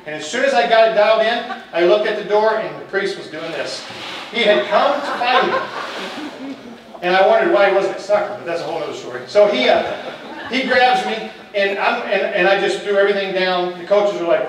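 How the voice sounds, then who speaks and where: A man's voice: high voice, slight background noise. A middle-aged man, a football coach and teacher, telling his personal testimony in a candid, humorous storytelling way. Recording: echoey hall, distant mic.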